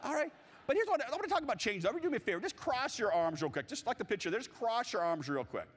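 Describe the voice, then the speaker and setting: A man giving a live conference keynote on coaching, animated and jokey, asking the audience questions. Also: sits high, rapid-fire, husky. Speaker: keynote speaker on sales coaching. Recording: long hall reverb.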